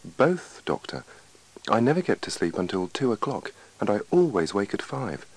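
A man's voice: fairly low pitch, big pitch swings, moderate pace, slightly rough, exaggerated voice, rough recording. A man voicing an anxious, worried patient. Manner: plaintive, anxious pleading. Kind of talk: scripted dialogue reading for learners.

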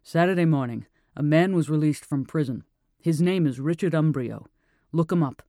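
A man's voice: a little high, moderate pace, dark tone, no room sound, studio quality, close to an everyday voice. A man voicing a desperate hunted cop. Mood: urgent. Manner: urgent, clipped. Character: hunted male police sniper, urgent and desperate.

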